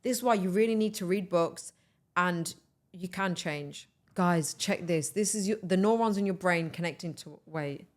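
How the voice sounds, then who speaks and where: A young woman hosting a podcast, chatting in an animated, enthusiastic way and urging her listeners on. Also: fairly low pitch, normal speed. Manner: animated, enthusiastic, talks straight to listeners as "guys". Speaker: podcast host. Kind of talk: casual motivational chat.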